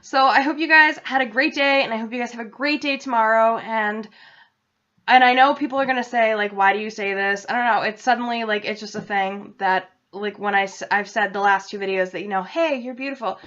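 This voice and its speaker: A woman's voice: fairly high pitch, fairly even intonation, fairly quick, pushed and bright. A young woman from New England chatting casually to her vlog audience, rambling and interrupting herself. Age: young adult. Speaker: vlogger. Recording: dull lo-fi home recording.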